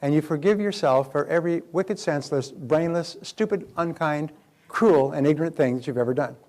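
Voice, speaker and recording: A man's voice: fairly high pitch, brisk, a little mellow. An older man giving a live motivational seminar lecture, speaking emphatically and putting rhetorical questions to the audience.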